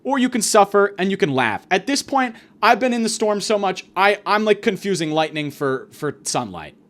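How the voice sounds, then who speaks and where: A man's voice: high voice, very animated, normal speed, a bit bright. A man hosting a podcast, delivering a rambling, profane, exasperated comedic rant. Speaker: podcast host.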